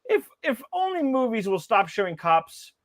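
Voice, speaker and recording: A man's voice: extremely high pitch, very animated, normal speed, dry recording. A man co-hosting a podcast in casual chat, rambling with restarts and fillers. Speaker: podcast co-host.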